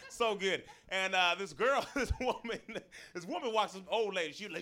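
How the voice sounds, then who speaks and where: A man's voice: sits high, normal speed, bright, forceful tone. A young man doing a stand-up comedy set, telling self-mocking stories with lots of asides to the crowd.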